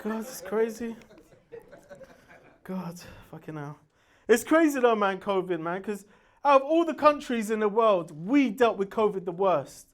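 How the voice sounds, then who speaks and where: Stand-up guy, loud and brash, higher voice, laughs at his own bits. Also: animated, unhurried, some chatter behind. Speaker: stand-up comedian. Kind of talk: stand-up routine. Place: comedy stage.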